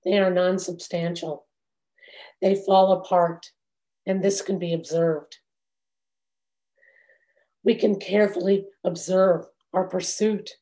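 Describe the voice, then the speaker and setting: A woman meditation teacher giving a dharma talk in a measured, reflective way, with long pauses. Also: lowish voice, warm tone.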